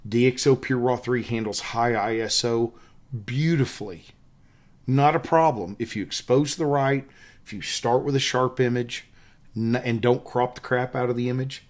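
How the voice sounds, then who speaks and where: A man in his fifties with a Southern US accent, an instructor giving emphatic, casual photography advice and repeating his key points. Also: medium pitch. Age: 50s. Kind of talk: casual teaching monologue.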